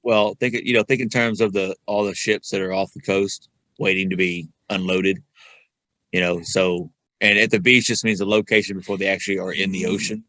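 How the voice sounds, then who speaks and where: A man with a low yet sharp, bright voice runs a casual podcast quiz. He briskly explains the answers, and the recording is dry. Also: little pitch movement, no echo, rough recording. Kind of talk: casual chat.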